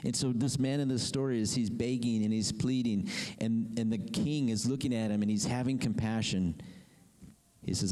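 A man delivers a lively sermon from the pulpit, tossing questions out to the congregation. His voice is warm and mellow, sitting in a middle pitch. The sound rings with the long reverb of a church hall. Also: unhurried. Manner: animated preacher, asks the congregation questions. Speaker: pastor.

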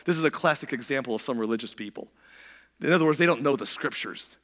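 A man preaching a sermon in a casual, conversational way, a bit hoarse from a recent illness, acting out quoted voices as he goes. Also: medium pitch, animated, fast talker, a bit bright. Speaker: pastor. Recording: long hall reverb.

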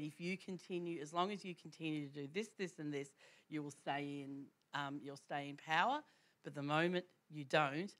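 A woman telling a church testimony story, animated and laughing often, with many restarts. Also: sits low. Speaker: church speaker.

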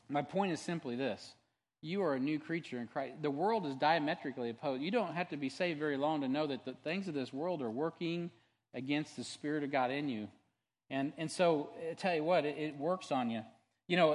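A male pastor preaching a sermon in a conversational, storytelling way, earnest and animated, often restarting and adding asides. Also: on the high side, big-room sound. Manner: earnest and animated when testifying.

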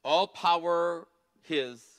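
A man preaching a sermon in a church, earnest, rising to emphatic passages and dropping to soft asides. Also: a little high, fairly even intonation, very slow. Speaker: pastor.

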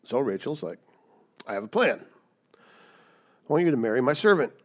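A man preaching a sermon, animated and emphatic, asking his listeners rhetorical questions as he teaches. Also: mid-range voice, normal speed. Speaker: pastor.

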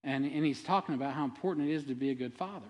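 A pastor in his fifties preaches a conversational sermon, wandering into rambling asides and using frequent tag questions. His medium-pitched, slightly mellow voice races along, with long hall reverb on the recording.

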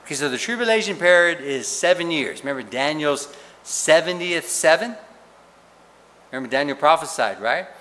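A man preaching a sermon in an animated, questioning way, often checking in with "right?". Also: fairly high pitch, normal speed. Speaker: pastor. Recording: reverberant hall with faint noise.

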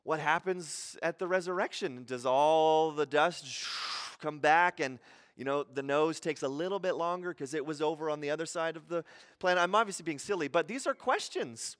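A man's voice: on the high side, normal speed, a bit bright, in a large hall. A man preaching a sermon in a church in a conversational, playful way, full of rhetorical questions. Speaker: pastor. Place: church hall.

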